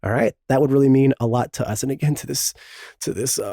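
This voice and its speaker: Hoarse man reading a podcast plug. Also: mid-range voice, fast, warm tone, dry recording, clean studio sound. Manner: joking, self-pitying asides. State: hoarse, sore throat. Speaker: podcast host. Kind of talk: podcast promo read.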